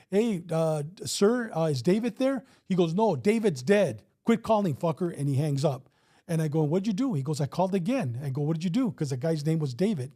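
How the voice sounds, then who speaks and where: Guy in his 50s telling cop stories, acts out the dialogue, swears a bit, warm voice on the high side. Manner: animated storyteller acting out dialogue, swearing. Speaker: retired police officer guest. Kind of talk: storytelling in casual interview.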